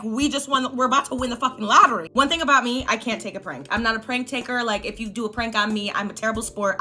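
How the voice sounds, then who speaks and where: A young woman telling a personal storytime, animated and dramatic, swearing for emphasis. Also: mid-range voice. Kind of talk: storytime over gameplay. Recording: faint background music.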